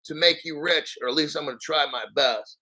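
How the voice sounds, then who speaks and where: A man hosting a crypto livestream, reading an article aloud with profane, sarcastic rambling asides and frequent throat-clearing. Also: fairly high pitch, fairly quick, bright, forceful tone, poor audio. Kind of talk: profane ranting commentary while reading an article.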